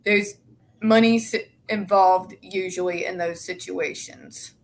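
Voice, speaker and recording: A woman's voice: fairly low pitch, steady tone, slow pace. A young woman in casual, opinionated chat, blunt and sarcastic with a lot of swearing. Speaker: show co-host.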